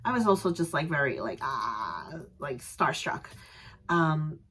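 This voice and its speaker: A young woman vlogger casually telling a story to camera, animated and acting out voices, her voice a little strained. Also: a little slow, slightly rough. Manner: animated, acts out voices with loud high yells. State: voice slightly strained.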